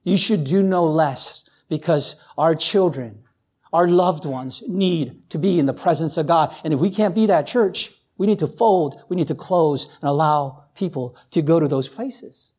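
A man preaching a sermon as pastor, repeating phrases and asking the congregation "right?", swinging from near shouts down to low, quiet lines. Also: unhurried.

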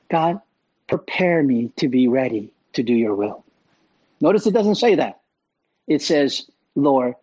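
A man preaching a sermon in a conversational, animated way, often checking in with "right?". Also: high voice, slightly rough, highs cut off. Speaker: pastor.

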